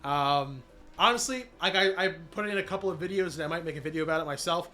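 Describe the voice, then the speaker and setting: A man streaming live, recapping his channel's year in a casual, energetic way with many fillers and shout-outs, voice cracking after being sick. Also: fairly high pitch, quick pace, faint music behind. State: recovering from illness, voice cracking.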